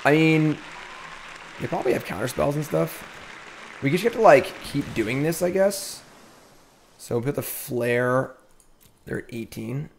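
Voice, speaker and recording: A middle-aged man plays a card game on stream and tells a chatty, rambling story, often interrupting himself to comment on his moves. His voice is a little high, expressive and creaky, unhurried with long pauses. Some chatter sits behind him, along with a little hiss or hum.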